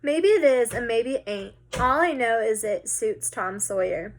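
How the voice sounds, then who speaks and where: A woman's voice: on the high side, animated, a little slow. A woman reading the part of a clever boy at his chores in a classroom read-aloud. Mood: sly.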